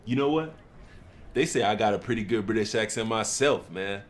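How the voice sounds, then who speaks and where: A man's voice: on the low side, moderate pace, a little hiss or hum, lightly acted. A man playing a cashier and then a cop in a comedy skit, teasing the other guy in a mocking, playful way.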